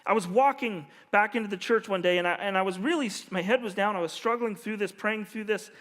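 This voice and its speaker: High-voiced pastor in a reverberant hall. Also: male voice, fairly quick. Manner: earnest storyteller, drops to a hushed voice when quoting others. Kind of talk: storytelling sermon.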